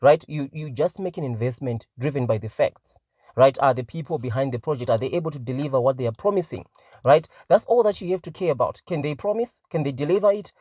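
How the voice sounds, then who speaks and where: A man's voice: mid-range voice, fast talker, darkish tone, no room sound, studio quality. A man commenting on crypto investing in a casual vlog, talking emphatically and ending many phrases with "right?". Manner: emphatic, peppers talk with "right?".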